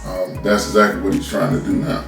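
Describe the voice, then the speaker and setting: Gravelly man ranting into a phone. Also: low voice, flat delivery, brisk, soft background music. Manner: blunt, scolding, repeats words when starting. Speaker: commentary host. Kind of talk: unscripted political rant. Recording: roomy, from a distance off the mic.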